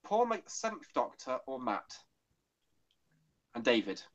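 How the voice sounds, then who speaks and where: A man's voice: medium pitch, sing-song, unhurried, dull audio. A man hosting a casual livestream, chatting hesitantly and laughing at his own attempts. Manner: hesitant, with many um fillers, laughing at himself. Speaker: channel host.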